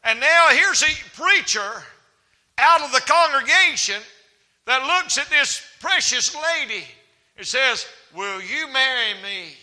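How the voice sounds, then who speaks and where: Male evangelist, very high bright voice, folksy sermon delivery, church hall reverb. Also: animated, slow. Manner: folksy preaching with humor and rising emphasis. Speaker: evangelist preacher.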